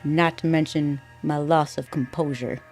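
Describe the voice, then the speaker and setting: A woman reading out a proud, formal male commander from a video game, in a lowered, measured voice. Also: steady tone, darkish tone, soft background music. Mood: solemn.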